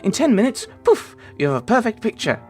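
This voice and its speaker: A man's voice: high voice, huge pitch swings, brisk, soft background music, pitched above the performer's own voice. A man voicing a young girl, a polite and anxious heiress, telling her story sweetly and breathlessly. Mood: earnest.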